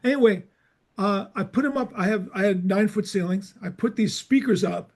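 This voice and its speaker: An older man hosting a podcast, telling a long story in a casual, animated way and acting out the people in it. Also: high-pitched, fairly quick. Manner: animated anecdotes, acts out dialogue. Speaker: podcast host.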